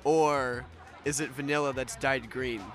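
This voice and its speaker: A man's voice: medium pitch, fairly even intonation, measured pace, fairly bright tone, soft background music, a faint crowd. A teenage boy asking students playful street-interview questions outdoors. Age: teens.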